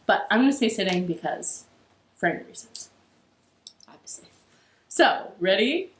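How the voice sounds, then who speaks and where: A woman hosting a children's storytime, reading a story aloud and cheering the kids on in an animated, encouraging way. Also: mid-range voice, moderate pace, slight background noise. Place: living room. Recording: echoey living room.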